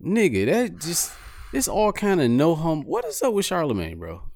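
A man co-hosting a podcast, talking in loose casual banter that climbs to near-shouting when he gets worked up, laughing a lot. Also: a little high, moderate pace. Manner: animated, rising to near-shouts when riled, laughs often. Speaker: podcast co-host.

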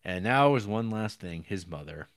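A man with a fairly low voice talks through a film's plot in a loose, rambling way. He fills the talk with fillers and wry, profane asides. The sound is dry and close, with no room around it. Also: expressive, normal speed, no room sound. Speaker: podcast co-host. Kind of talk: casual film recap.

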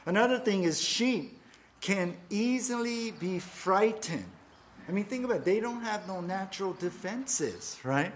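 A man preaching a sermon in a conversational way, with playful asides to his congregation. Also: on the high side. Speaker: pastor.

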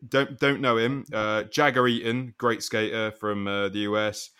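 Man, podcast host, bright tone, casual sweary banter. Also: fairly low pitch, fairly even intonation, a little slow, clean tone. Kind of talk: casual chat.

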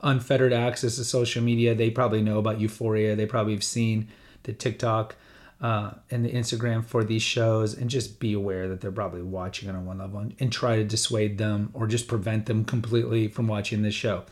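A man's voice: lowish voice, flat delivery, fairly quick. A middle-aged man hosting a solo podcast, talking in a conversational, rambling way with frequent restarts. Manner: briefly mimics his father's voice and accent. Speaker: podcast host.

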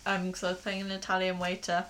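A woman's voice: fairly low pitch, monotone, quick pace, fairly bright tone, slight background noise. A woman from England co-hosting a podcast, chatting casually and laughing as she tells stories. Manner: giggly, chatty storyteller. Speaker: podcast co-host. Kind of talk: casual chat.

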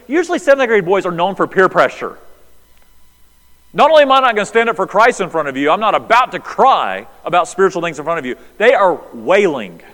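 A middle-aged man, preaching a sermon and telling a story, moving between loud bursts and hushed passages. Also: high voice. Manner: animated, swings from loud to hushed. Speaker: pastor. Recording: long hall reverb.

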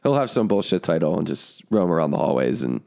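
Give a man with a somewhat low voice chatting loosely about sports, rambling and peppering his talk with "like". Keep it easygoing and unhurried. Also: sing-song, vocal fry, mellow, clean tone. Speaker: podcast co-host. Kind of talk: casual sports chat.

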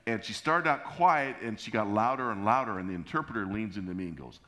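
A middle-aged male pastor with a lowish voice tells a story in his sermon. He jumps up in pitch to act out voices and sound effects, then settles back into easy storytelling. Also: quick pace. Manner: animated, acts out scenes and sounds with pitch jumps.

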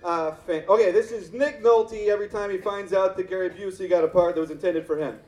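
A man halting through the setup of his impression at a live comedy contest. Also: high-pitched, darkish tone, reverberant, recorded from a distance.

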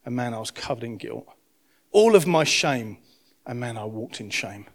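A man's voice: mid-range voice, expressive, moderate pace. Impassioned male preacher. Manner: impassioned, swings between loud emphasis and hushed lines. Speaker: pastor. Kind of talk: sermon.

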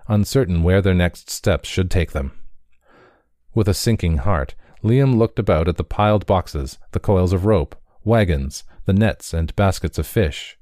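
A man reading a story aloud in a measured, even storytelling manner. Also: deep voice, no echo, studio quality. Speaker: reader. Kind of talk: audiobook narration.

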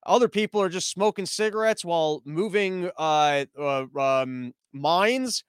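High-voiced profane rambling man. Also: measured pace, smooth, no echo. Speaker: podcast host. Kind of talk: casual monologue.

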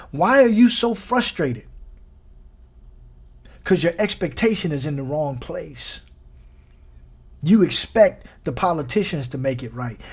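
A man's voice: sits high, husky. A man preaching a sermon on his podcast, exhorting his listeners with repeated questions and emphatic peaks.

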